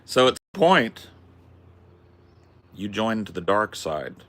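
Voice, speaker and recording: A man hosting a casual podcast chat in a relaxed way, chiming in with short reactions. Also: on the low side, slow.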